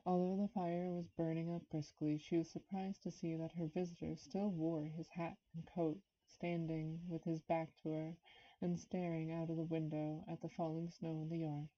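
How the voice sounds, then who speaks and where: A woman's voice: low voice, level tone, moderate pace, dark tone. A woman reading a classic novel aloud on a live stream, a bit nervous, stopping now and then to chat with viewers. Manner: nervous, stops to comment and greet chat viewers. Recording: dull lo-fi stream audio.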